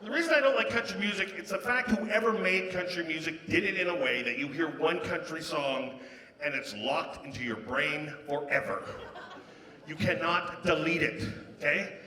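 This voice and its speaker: A man from Canada doing a stand-up comedy set, breaking into loud sung and acted bits. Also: on the high side, normal speed. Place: large casino showroom with a live audience. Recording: echoey live hall, crowd. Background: audience laughter.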